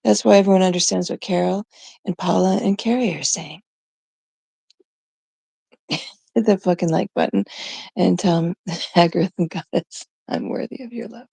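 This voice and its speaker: A woman from Canada hosts a casual live stream, rambling and giggling as she retells things with mock exasperation. Her voice is heavily gravelly and husky, with a dark, mellow tone. She talks slowly. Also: lowish voice, fairly even intonation, no echo.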